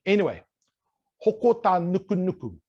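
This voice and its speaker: Brief: a male New language teacher, playful and a touch high-voiced, drilling words over a video call. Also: big pitch swings, moderate pace, muffled recording. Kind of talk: online language lesson.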